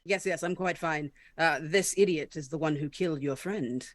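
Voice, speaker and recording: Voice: mid-range voice, moderate pace, pitched below the performer's own voice, lightly acted. A player voicing a cool, menacing female professional who taunts her captive.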